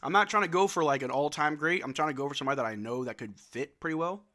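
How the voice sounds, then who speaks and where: A young man from Louisiana hosting a casual livestream, chatting and answering viewers' questions with quick laughs. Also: on the high side, sharp tone. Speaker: livestream host.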